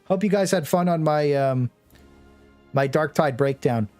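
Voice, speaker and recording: A man's voice: a little high, unhurried, darkish tone, dry recording. A young male streamer chats casually with his viewers, rambling and joking between bits of gameplay. His voice is dry and close to the mic, and faint music plays in the background. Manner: rambling, joking, often laughing. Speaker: gaming streamer. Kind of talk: casual live-stream chat.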